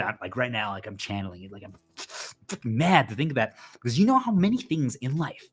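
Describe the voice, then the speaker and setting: A man talking casually to the camera in a rambling, animated way, now and then bursting into loud exclamations. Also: mid-range voice, quick pace, breathy edge, soft background music. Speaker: video host. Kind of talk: casual monologue.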